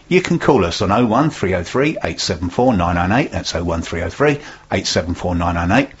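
A man hosting a local business radio show, in jokey, rambling, upbeat banter. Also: on the low side. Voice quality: husky. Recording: dull lo-fi radio recording.

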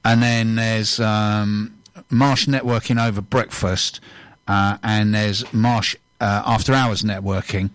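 A man's voice: lowish voice, no echo. A man co-hosting a local radio show, chatting in an easygoing way and reading out announcements. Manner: easygoing, quick agreeing interjections. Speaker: radio co-host. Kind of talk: casual radio chat.

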